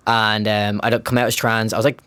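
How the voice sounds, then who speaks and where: Fast-talking Dublin Irish man. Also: on the low side, smooth, no echo. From Ireland. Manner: storytelling, animated, swears casually. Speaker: podcast host. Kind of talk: casual chat.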